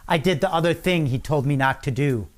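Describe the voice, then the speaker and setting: A middle-aged man giving a commencement speech, telling a personal story with dramatic pauses and acted-out shouts. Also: fairly high pitch. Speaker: commencement speaker.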